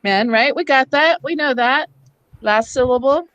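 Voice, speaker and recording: A woman's voice: high-pitched, unhurried, fairly bright tone, no echo, highs cut off. A woman presenting a hands-on reading workshop to teachers in a school room, explaining patiently and checking in with the group as she goes.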